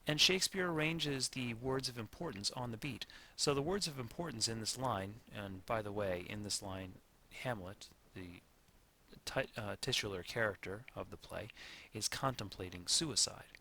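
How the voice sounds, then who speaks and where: A man lecturing a class in a low, gravelly voice that still has a bright, forceful edge. He talks deliberately, slowing to sound out stressed syllables and pausing to correct himself. There is a faint hiss of room noise under him. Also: expressive. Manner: pauses and corrects himself mid-sentence.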